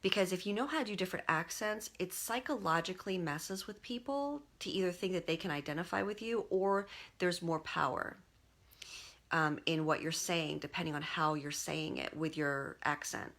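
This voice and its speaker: A woman's voice: on the low side, moderate pace, fairly bright tone. A woman streaming live as an artist, talking to her viewers in a rambling, conversational way full of fillers and restarts. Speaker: artist and livestream host. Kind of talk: casual monologue to viewers.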